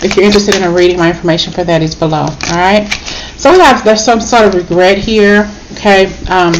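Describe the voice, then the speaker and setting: A woman's voice: mid-range voice, a little fast, noisy background. Blunt, emotional woman tarot reader. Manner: emotional, blunt, peppered with "okay?" and swearing. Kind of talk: casual spoken tarot reading.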